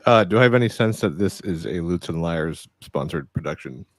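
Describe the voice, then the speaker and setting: A man's voice: sits low, lively intonation, brisk, no room sound. A man playing a tabletop role-playing game, talking casually and matter-of-factly. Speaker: player.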